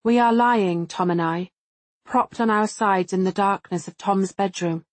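A woman giving a measured, reflective first-person audiobook narration. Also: mid-range voice, dry recording.

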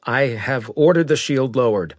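A man voicing a cunning starship captain who talks smoothly and with false politeness. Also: medium pitch, expressive, moderate pace, dry recording, studio quality, voice pushed up, natural voice. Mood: smoothly polite.

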